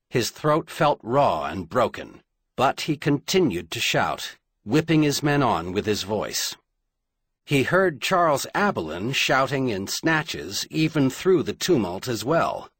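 Male narrator, dramatic delivery with wide swings in pitch, dry close sound. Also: a bit bright, breathy edge, dry recording. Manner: dramatic, measured storytelling. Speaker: audiobook narrator. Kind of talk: scripted fiction narration.

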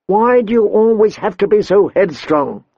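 A man's voice: high-pitched, lively intonation, normal speed, mellow, no echo, pitched above the performer's own voice. A man voicing an earnest, grief-stricken lord who pleads with a dying friend, in a dull lo-fi dry recording. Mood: exasperated. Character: grieving loyal lord, middle-aged man.

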